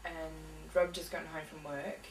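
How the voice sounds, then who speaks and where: Young woman, lowish voice, halting casual interview talk, roomy distant mic. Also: flat delivery, slight background noise. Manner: hesitant, full of fillers and restarts. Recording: echoey room, mic from a distance.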